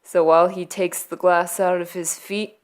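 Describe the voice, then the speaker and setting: A young adult woman vlogger retelling movie plots from memory in a playful, deadpan way, laughing often. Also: on the low side, moderate pace. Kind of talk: comedic movie recap from memory.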